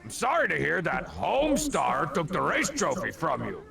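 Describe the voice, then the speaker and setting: An actor playing a cocky, scheming cartoon man in a video game, with a gravelly, sarcastic delivery. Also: a little high, huge pitch swings, moderate pace, sharp tone, full character voice.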